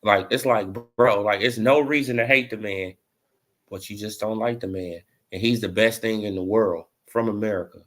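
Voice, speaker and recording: Fairly low-pitched and at normal speed, a boxing commentary vlogger delivers a casual opinion rant. He relies on slang and fillers like "bro" and "you know," getting animated and mocking in the latter half.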